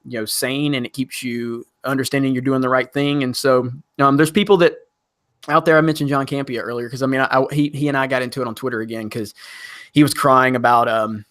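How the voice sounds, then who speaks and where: In studio-quality audio with no echo, a livestream host with a steady, slightly bright mid-range voice reads viewer comments a little fast. He rambles in casual chat, restarting often and laughing now and then.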